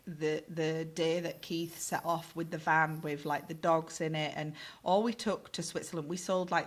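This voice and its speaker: Woman, middle-aged, lower voice, chatty and animated, swears a lot telling a story. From north of England. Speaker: podcast guest. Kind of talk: casual storytelling.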